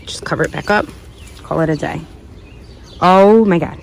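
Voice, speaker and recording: A woman's voice: on the low side, normal speed, creaky, darkish tone, slight background noise. A woman giving a casual garden tour vlog outdoors, chatty and rambling, thinking aloud and correcting herself as she goes. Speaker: gardening vlogger.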